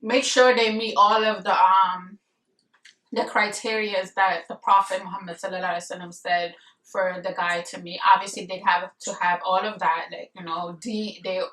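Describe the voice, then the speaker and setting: A young woman vlogger talks to the camera, handing out casual marriage advice in a blunt, emphatic way and rambling with plenty of fillers. Her lowish voice is a bit bright, with a level tone and a moderate pace. The room is echoey and she sits a little far from the mic.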